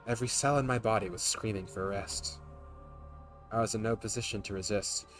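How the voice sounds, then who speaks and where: A man reading a tired, bewildered young student's inner monologue aloud from a game, quietly and at an even pitch. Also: brisk, soft background music, lightly acted. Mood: weary. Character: weary, bewildered young male student narrator.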